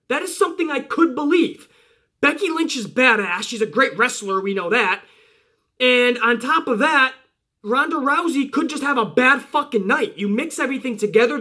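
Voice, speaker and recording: A young man reviewing a wrestling show in casual, excited commentary, emphatic and full of swearing. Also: very high-pitched. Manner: profane, emphatic, hype-driven.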